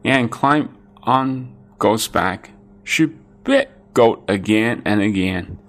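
A man narrating a children's storybook with a sing-song, expressive delivery. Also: fairly low pitch, slow.

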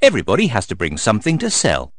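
A man narrating a storybook aloud in an expressive, sing-song way. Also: fairly low pitch, fast talker, dry recording, studio quality.

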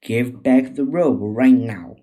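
A man voicing a fierce, hot-tempered male monkey king who shouts commands in a children's story reading. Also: medium pitch, animated, slow pace.

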